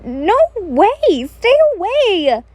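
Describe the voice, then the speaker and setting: A woman voicing a flustered young woman who protests in shrill, raised bursts. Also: big pitch swings, drawn-out words, a little mellow, dry recording, heavily acted.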